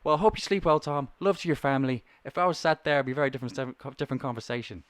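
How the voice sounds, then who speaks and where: A man's voice: medium pitch, lively intonation, racing, a bit bright, no echo, lightly acted. A man voicing an angry, threatening Irish man on a phone call, raised and accusing. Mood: menacing. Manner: accusing, menacing.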